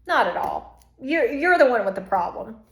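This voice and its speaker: Woman coach ranting to camera, high voice, repeats stuff for emphasis, echoey room. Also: big pitch swings, moderate pace, fairly bright tone. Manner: emphatic, acts out quoted voices. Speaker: self-esteem coach. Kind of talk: casual direct-to-camera monologue.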